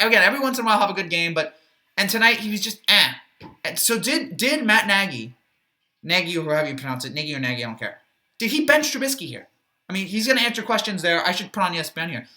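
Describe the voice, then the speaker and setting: A man's voice: high-pitched, bright, forceful tone. A man giving a rambling, opinionated football recap, full of fillers and restarts, with a sarcastic streak. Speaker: sports reaction YouTuber. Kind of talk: casual football recap monologue.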